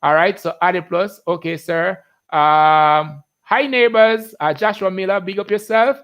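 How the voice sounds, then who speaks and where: A man's voice: high voice, fairly even intonation, highs cut off. Chatty Jamaican man teaching live. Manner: chatty, greets viewers by name, drawls terms slowly. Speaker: biology teacher hosting a live class. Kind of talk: casual live-stream lesson.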